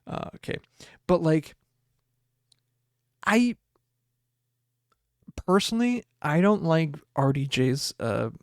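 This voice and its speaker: A young man hosting a podcast, chatting casually and excitedly as he opens card packs and reads the cards aloud. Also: fairly high pitch, dry recording, studio quality. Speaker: podcast host. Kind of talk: casual card pack opening chat.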